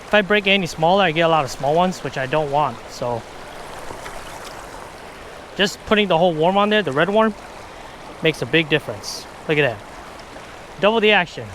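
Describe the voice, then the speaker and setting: Excitable high-voiced man fishing outdoors. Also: moderate pace, long pauses, slight background noise. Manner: excitable, talks to viewers while fishing. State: out of breath. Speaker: fishing vlogger. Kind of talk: casual fishing vlog. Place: outdoors at a river spillway. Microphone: action camera.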